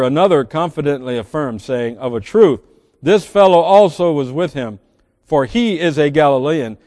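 Preaching man in a reverberant church. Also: on the high side. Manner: preaching with emphatic swells and drops, reading scripture aloud. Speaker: pastor. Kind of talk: sermon. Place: large church sanctuary.

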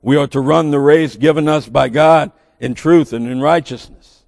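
A man's voice: on the high side, moderate pace, vocal fry, darkish tone, no echo, studio quality, long reverb tail. A middle-aged man with a Southern drawl preaching a sermon in a church, earnest and building to emphatic bursts with folksy asides.

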